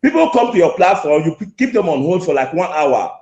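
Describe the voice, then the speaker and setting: A man's voice: fairly high pitch, very animated, brisk, darkish tone. A man calling in to a show with an angry complaint, repeating himself and talking over the host. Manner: repetitive, insistent, interrupting. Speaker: caller. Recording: echoey lo-fi phone call.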